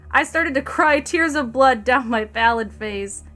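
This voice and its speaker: A fairly high-voiced woman reads a fan story aloud on a live stream, dropping sarcastic and foul-mouthed remarks between passages. She talks into a desk mic, with soft music playing faintly underneath. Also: expressive, normal speed. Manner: sarcastic, profane asides between read passages.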